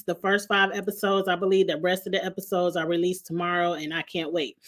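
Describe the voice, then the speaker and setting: A woman vlogger telling a funny travel story in casual slang, laughing often as she goes. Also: medium pitch.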